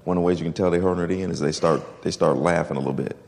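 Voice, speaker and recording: A man pastor teaching a sermon, reading scripture slowly and stressing key words. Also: low-pitched, fairly even intonation, vocal fry, in a large hall, very noisy.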